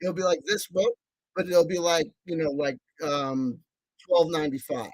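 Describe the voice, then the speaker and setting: Rambling excitable man, dry close sound. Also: a little high, moderate pace, dry recording. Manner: excitable, repeats himself, swears; self-mocking, laughing asides. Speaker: vlogger. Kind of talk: rambling casual monologue.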